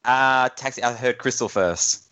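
A man's voice: medium pitch, unhurried, pushed and bright, clean tone. A man hosting a casual quiz on a podcast, often laughing as he reads the questions. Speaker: quiz host.

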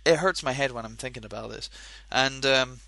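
A Scottish man with a mid-range, creaky, sharp voice speaks fairly quickly on a dry recording. He co-hosts a podcast and works in a game shop, and here he rants in exasperation, swearing a lot. His delivery is restless, with stumbling restarts and self-interruptions.

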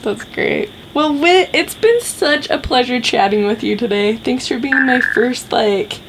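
A woman's voice: on the high side, animated, a little slow, background noise. A woman hosting a podcast interview, chatting casually in a reflective, encouraging way. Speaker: podcast host.

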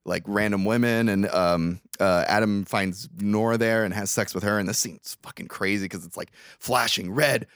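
A man's voice: on the low side, moderate pace, hardly any pauses, clean tone, dry recording, studio quality. A man casually recapping a movie plot on a podcast, swearing freely and acting out the characters' lines. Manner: profane, animated retelling with acted quotes. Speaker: podcast co-host.

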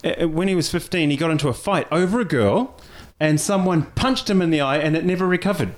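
A man in his forties with a New Zealand accent, co-hosting a casual chat show and joking easily with the others. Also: fairly high pitch. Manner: chatty, quick to joke. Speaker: co-host.

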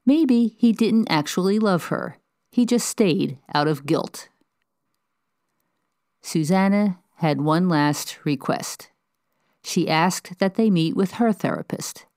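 Low-voiced woman narrating in a dry, close sound. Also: dry recording. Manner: even, measured storytelling. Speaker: host narrator. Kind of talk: scripted narration.

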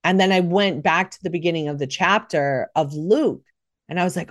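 A middle-aged woman, a nurse who hosts a podcast, tells a personal faith story in a rambling, emotional way, correcting herself often. Her lowish voice moves at a moderate pace in a dry, studio-quality recording.

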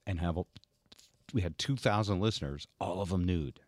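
A man hosting a radio talk show, telling stories in an animated, rambling way. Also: low-pitched, normal speed, dry recording. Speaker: radio host.

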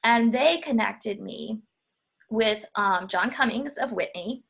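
A woman, a historian talking through her path in a relaxed interview, pausing and restarting as she thinks. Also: fairly high pitch, vocal fry. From Louisiana. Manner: thoughtful, frequent restarts and fillers. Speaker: historian guest. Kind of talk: casual interview talk.

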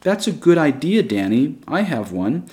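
A man reading a story aloud, voicing a gentle, persuasive female schoolteacher who speaks softly and coaxingly. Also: on the high side, sing-song, moderate pace, pitched above the performer's own voice.

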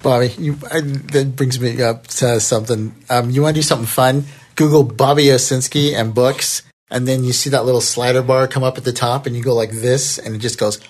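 A man's voice: mid-range voice, fairly even intonation, fairly quick, few pauses. A man hosting a podcast in casual chat, upbeat and laughing often. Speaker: podcast host.

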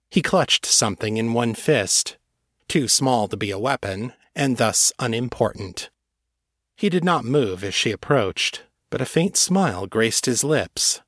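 A man narrating fiction in a measured, unhurried reading. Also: medium pitch, fairly bright tone, no echo, studio quality.

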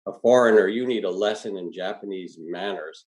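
A big, mean drunk laborer with a rough, bellowing delivery, as a man acts him out in a read-aloud story. The voice is low and mellow underneath. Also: moderate pace, natural voice. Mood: aggressive.

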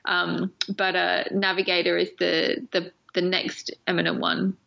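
A woman guest in a casual podcast interview, chatty and quick to laugh. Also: fairly low pitch, monotone, vocal fry, bright, forceful tone, highs cut off.

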